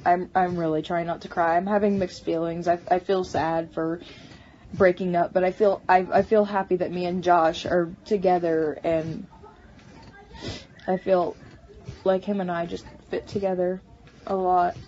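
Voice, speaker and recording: A woman talking in a casual personal vlog, halting with many restarts and stammers. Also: fairly low pitch, level tone, dark tone, slight background noise. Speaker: vlogger. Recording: slightly muffled home recording.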